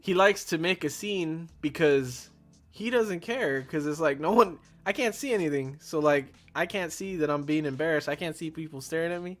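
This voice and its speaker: A man's voice: a little high, normal speed, a bit bright, soft background music. A man co-reviewing a comedy film in casual chat, laughing and acting out the lines. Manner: laughing, acts out movie lines. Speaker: guest co-reviewer.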